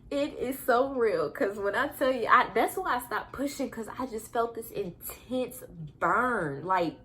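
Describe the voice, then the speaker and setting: A young woman casually telling her own story as a vlogger, candid and animated, acting out quotes with laughter. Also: a little high, a little slow.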